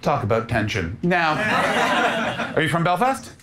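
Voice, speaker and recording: A man doing stand-up crowd work on a club stage, teasing the audience in a brash, profane way and shouting his punchlines. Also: fairly high pitch, sing-song, measured pace. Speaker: stand-up comedian. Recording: loud crowd noise behind. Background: loud audience laughter.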